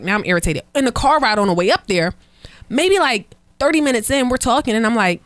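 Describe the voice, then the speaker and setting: A young woman chats on a podcast and rolls through a story, putting on the voices of the people she quotes. Her pitch sits a little high and leaps all over the place. The sound is dry and close, with no room around it. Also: fast talker, no echo. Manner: animated storyteller who acts out other people's lines. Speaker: podcast host. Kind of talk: casual chat.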